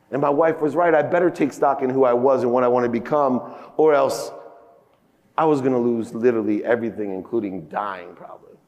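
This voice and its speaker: A man delivers a motivational keynote from a conference stage through a stage microphone. He tells stories emphatically and acts out heated dialogue with rising outbursts. His mid-pitched voice rings with the long reverb of a big hall. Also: brisk, darkish tone. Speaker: keynote speaker.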